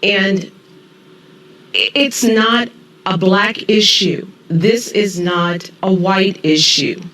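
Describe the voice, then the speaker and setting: A woman's voice: medium pitch, extremely slow, a bit bright. Firm woman guest on a distant feed. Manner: firm, emphatic. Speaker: interview guest. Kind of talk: remote TV interview. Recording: echoey, distant.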